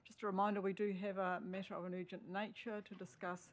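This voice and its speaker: Brisk New Zealand woman chairing. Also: medium pitch, flat delivery, slight background noise. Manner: brisk, procedural. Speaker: meeting chair. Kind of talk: chairing a meeting.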